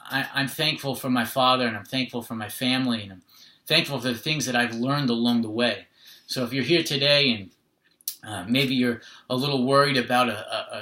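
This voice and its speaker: A man's voice: mid-range voice, bright, forceful tone, echoey room. A man telling a personal story in an earnest, conversational way, often adding "literally" and "right?".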